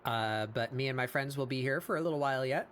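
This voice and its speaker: A man hosting a casual art live stream, hoarse after hours of talking, rambling with fillers and laughs. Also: mid-range voice, quick pace, fairly bright tone, a little hiss or hum. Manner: rambling and self-deprecating, with frequent fillers and laughs. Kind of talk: casual live-stream chat while drawing.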